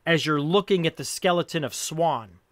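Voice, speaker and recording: Chatty high-voiced man, dry mic. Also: normal speed, a bit bright, no room sound. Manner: rambling, laughs often, thinks aloud. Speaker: podcast host. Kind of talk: casual film discussion.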